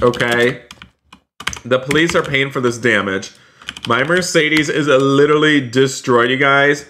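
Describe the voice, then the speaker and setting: Excitable man narrating a game stream. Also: mid-range voice, measured pace, noisy background. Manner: excitable, narrates every move to viewers; repeats phrases, keeps saying "you guys". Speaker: streamer playing a roleplay game. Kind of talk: live game stream commentary.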